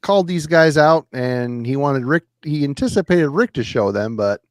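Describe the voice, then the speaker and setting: A man's voice: a little high, lively intonation, normal speed, no room sound. A man co-hosts a podcast in a laid-back, casual chat. He keeps his remarks short and laughs often. The voice is dry and close to the mic. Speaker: podcast co-host.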